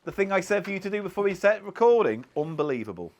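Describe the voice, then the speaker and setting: A man's voice: sits high, very animated, fast. A man co-hosting a comedy podcast in a studio, rambling and swearing with mock exasperation. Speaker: podcast co-host. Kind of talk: casual comedy banter. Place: rented studio.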